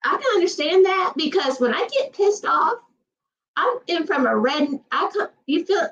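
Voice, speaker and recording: A high-pitched woman with a Southern accent talks fast and emphatically, often repeating herself. Her voice sounds set back from the mic, and the livestream audio is dull. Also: sing-song, fairly bright tone, distant mic. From Georgia, USA. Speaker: livestream host. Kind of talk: casual chat.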